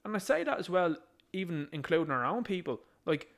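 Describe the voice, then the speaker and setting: A man's voice: high voice, very animated, brisk, creaky. A man with an Irish accent giving a combative, sarcastic political rant, mocking what he reads aloud. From Ireland. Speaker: political commentator.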